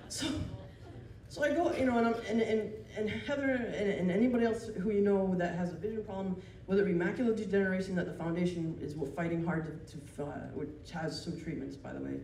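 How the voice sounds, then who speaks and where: A man doing live stand-up, telling a story in a rambling, animated way. He often laughs as he talks and breaks off into asides and restarts. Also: high voice, brisk, distant mic. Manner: self-interrupting with restarts and asides. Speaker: stand-up comedian. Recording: roomy venue taped from afar. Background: audience laughter and room noise.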